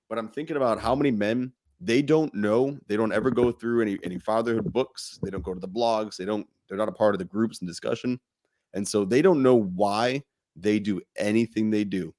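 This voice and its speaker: A man's voice: medium pitch, a little mellow. A man co-hosting a fatherhood podcast, chatting casually and bluntly, swearing and laughing often. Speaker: podcast co-host.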